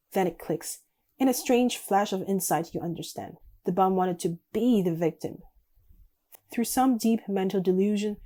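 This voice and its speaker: A woman streaming a text game, reading the story aloud evenly with quiet, casual asides. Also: mid-range voice.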